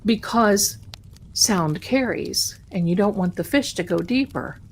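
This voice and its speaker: Speaking unhurriedly in an expressive, medium-pitched voice, a woman chats with viewers on her live trivia stream amid slight background noise. She shares a folksy tale from her childhood.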